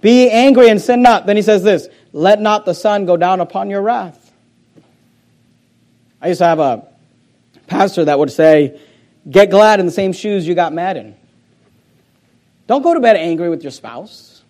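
A man with a high voice preaching a sermon to his congregation. He speaks emphatically, often repeating words as he builds each point. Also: a little slow, pauses often, darkish tone. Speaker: pastor.

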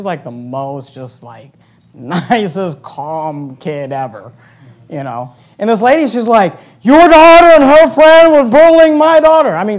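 A middle-aged man preaching a sermon as pastor, telling a story with lively, animated delivery that swings between loud and hushed. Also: fairly high pitch.

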